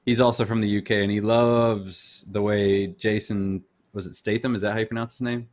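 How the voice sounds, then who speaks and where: A man hosting a casual podcast chat, talkative and quick to laugh. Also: on the low side. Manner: chatty, laughs often, animated. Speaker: podcast host.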